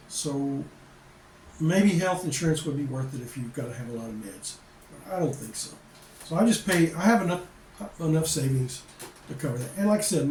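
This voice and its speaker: Older guy from the states just chatting advice, kinda high voice, rambly, sounds far off in an echoey room with a bit of hum. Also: a little mellow. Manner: plain-spoken, rambling, repeats himself. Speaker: expat vlogger. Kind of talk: casual advice talk to camera. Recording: echoey room, voice away from the mic.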